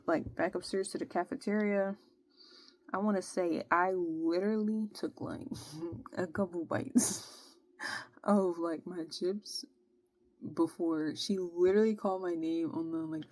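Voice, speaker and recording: A young woman casually telling a long personal story, animated and exasperated, with plenty of slang. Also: on the low side, no room sound. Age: young adult. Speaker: vlogger.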